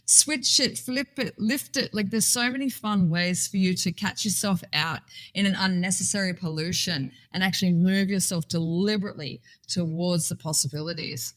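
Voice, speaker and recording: A woman's voice: on the low side, normal speed. Playful woman with sing-song catchphrases. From Swaziland. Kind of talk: casual chat.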